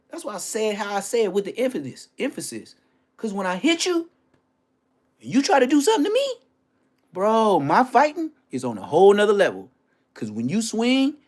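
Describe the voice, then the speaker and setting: Brash, profane man ranting on a livestream. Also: high voice. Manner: brash, profane, swings between hushed asides and loud outbursts; storytelling with boasts and street slang. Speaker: livestream host. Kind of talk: casual profane livestream rant.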